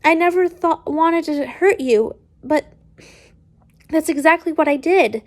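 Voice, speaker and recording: A woman's voice: high voice, measured pace. A woman voicing a remorseful, brooding older male wizard who stumbles over his words. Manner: hesitant, with restarts.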